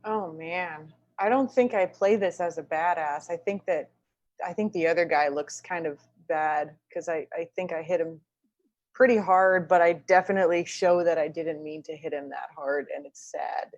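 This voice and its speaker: Female player, lowish voice, apologetic and giggly, muffled lo-fi recording. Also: normal speed, no echo. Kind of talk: tabletop game play. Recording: dull lo-fi mic.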